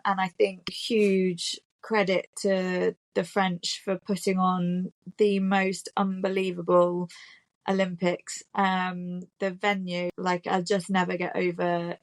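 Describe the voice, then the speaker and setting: A woman's voice: lowish voice, no room sound. A British woman, an Olympic rider, chatting reflectively as a podcast guest with frequent ums and restarts. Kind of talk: casual chat.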